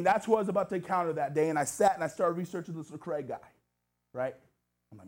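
A man's voice: on the high side, racing, a little mellow. An American man preaching a sermon in a church, telling his story casually and then pressing his listeners with urgent exhortation. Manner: earnest, building to urgent exhortation. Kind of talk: sermon with personal testimony. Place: church sanctuary.

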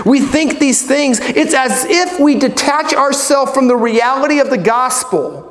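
Pastor, man, middle-aged, high voice, lively sermon delivery, recorded in a reverberant church. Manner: animated, swings from loud emphatic to low soft prayer. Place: church hall. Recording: echoey church hall.

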